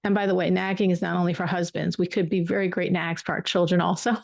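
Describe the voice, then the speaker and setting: Gravelly-voiced woman teaching a class. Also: lowish voice, little pitch movement, fast, dry recording, studio quality. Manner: emphatic, repeats words for weight. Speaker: Torah teacher. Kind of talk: storytelling class.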